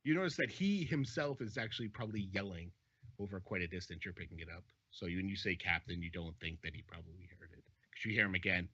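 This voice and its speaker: Husky man narrating a horror game. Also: deep voice, fast talker, sharp tone, dry recording. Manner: descriptive, hesitant with fillers. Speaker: dungeon master. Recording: dull dry lo-fi audio.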